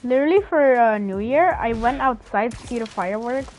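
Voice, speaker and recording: A woman's voice: fairly high pitch, expressive, fairly quick, a little hiss or hum. Goofy, shrieking game streamer, woman. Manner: goofy, loud, shrieks and play-fight yells. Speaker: streamer playing a video game. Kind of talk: excitable let's-play commentary. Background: game music.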